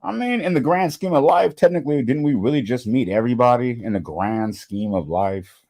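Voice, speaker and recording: A man hosting a reaction video, talking in a casual, slangy way and acting out quick impressions of the people on screen. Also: mid-range voice, darkish tone.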